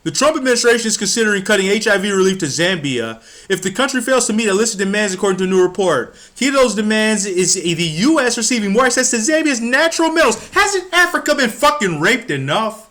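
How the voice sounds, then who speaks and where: A political commentator from the United States delivers an angry, profane rant about politics in a high-pitched, sharp voice with lively intonation and a quick pace. As he gets heated, he stumbles over his words and restarts.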